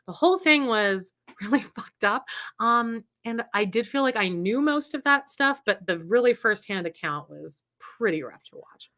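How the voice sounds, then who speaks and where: A woman's voice: fairly high pitch, animated, normal speed, a bit bright. A woman co-hosting a podcast, chatting casually in rambling, restarting sentences. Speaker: podcast co-host. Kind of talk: casual chat.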